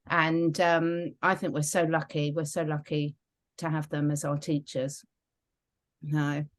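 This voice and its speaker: Woman, podcast host, low voice, reflective casual talk. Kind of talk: casual chat.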